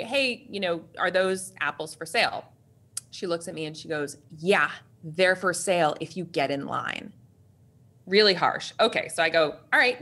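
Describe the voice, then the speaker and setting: A woman in her thirties, an executive coach, telling a story with lively, laughing energy in an interview. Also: on the low side.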